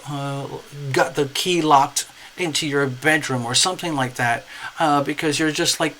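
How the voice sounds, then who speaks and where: Male tarot reader, bright and animated, coaxing tone. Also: a little high, slight background noise, poor audio. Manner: animated, coaxing, repeats "okay?". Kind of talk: casual tarot reading monologue.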